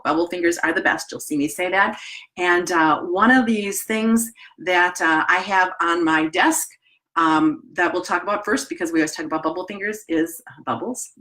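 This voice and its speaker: A middle-aged woman with a Wisconsin accent, teaching piano teachers in a chatty live-stream talk from her home studio. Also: on the low side. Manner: chatty, animated, demonstrates as she talks.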